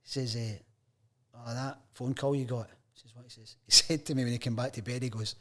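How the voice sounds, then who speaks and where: On a chat show, a Scottish man in his fifties who works as a sports journalist relaxes into lively storytelling, imitating the voices of those he describes. His mid-range voice moves at a brisk pace.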